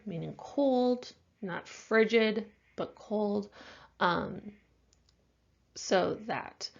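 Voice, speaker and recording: A woman teacher giving a recorded science lecture in a casual, unhurried way, with many fillers, and sounding tired. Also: mid-range voice, gravelly, darkish tone, highs cut off. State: yawning, tired.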